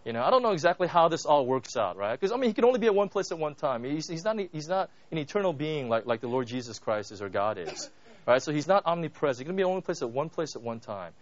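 Male preacher, conversational and rambling, a bit high for a man, dry and slightly dull recording. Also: big pitch swings, quick pace. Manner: rambling, repetitive, full of fillers. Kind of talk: conversational sermon.

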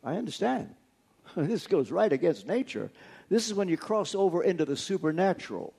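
A man's voice: high voice, very animated, moderate pace, gravelly, a little mellow, breathy edge. A man preaching a sermon, telling a personal story earnestly and stressing key words through repetition. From United States.

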